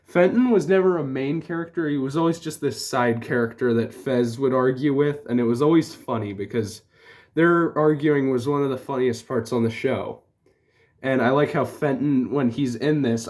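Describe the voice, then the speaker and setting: A man's voice: medium pitch, darkish tone. A man talking casually as a TV reviewer, rambling with frequent "like" and restarts. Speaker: TV show reviewer.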